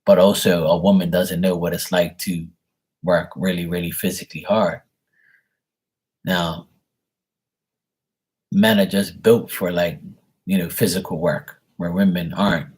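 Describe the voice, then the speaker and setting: A man's voice: sits low, steady tone, unhurried, long pauses, a little mellow, husky. A man chatting casually on a live stream, giving tarot readings for viewers' paid questions. He rambles loosely and bluntly, swears freely, and leans on fillers and restarts.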